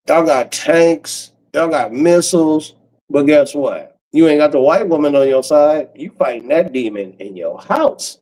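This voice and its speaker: A man in his forties doing a profane comedic rant on a livestream, breaking into cackles and swinging from loud outbursts to low mutters. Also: low-quality recording. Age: 40s.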